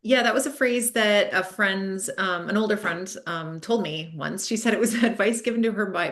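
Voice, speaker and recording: A woman author being interviewed on a podcast, answering in a thoughtful, measured way with frequent ums. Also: on the low side, fairly bright tone. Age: adult parent. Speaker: author guest.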